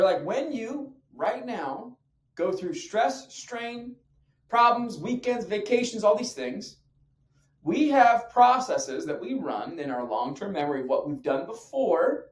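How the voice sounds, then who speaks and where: A man coaching on fitness habits in an emphatic, slangy, punchy motivational talk to camera. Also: sits high. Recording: echoey room.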